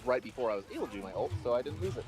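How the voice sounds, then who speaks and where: A man's voice: medium pitch, expressive, very fast. A man hosting a casual gameplay chat, joking and playful as he plays. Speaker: gaming streamer.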